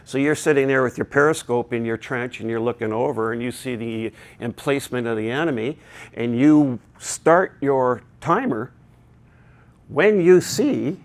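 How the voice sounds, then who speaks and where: A man presenting a technical talk to a live conference audience, chatty and digressive, with joking asides. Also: medium pitch. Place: conference hall.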